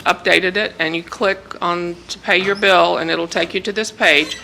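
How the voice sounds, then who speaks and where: A woman's voice: lowish voice, fairly even intonation, moderate pace, vocal fry, pushed and bright, slight background noise, rough recording. A woman presenting a project timeline at a city meeting, hesitant and explanatory. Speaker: staff presenter.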